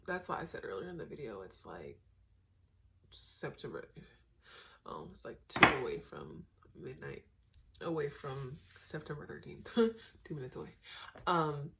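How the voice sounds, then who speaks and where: A lowish, creaky, yet fairly bright voice belongs to this young woman from Northern California. Vlogging late at night, she rambles casually to the camera with many fillers, sounding tired and goofy.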